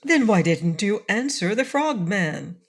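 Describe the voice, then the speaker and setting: A plain-spoken woman cookie cook from a children's story, earnest and direct, as a woman reader voices her. The voice stays close to an everyday reading voice. Calm and clear. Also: medium pitch, a little slow.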